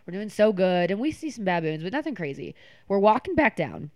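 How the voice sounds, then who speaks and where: A woman co-hosting a casual chat show, telling an animated travel story in an expressive, quick way. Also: mid-range voice, no echo, clean studio sound. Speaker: podcast co-host.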